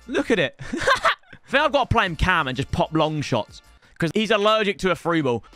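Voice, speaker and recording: Excitable man shouting at a game. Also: high-pitched, normal speed, dry recording, soft background music. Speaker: gaming streamer. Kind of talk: live gaming commentary.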